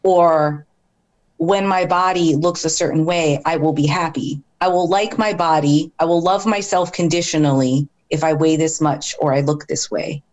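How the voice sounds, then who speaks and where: A woman's voice: sits low, fairly even intonation, normal speed, darkish tone. A woman guest on a podcast, explaining earnestly in casual conversation. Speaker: guest expert.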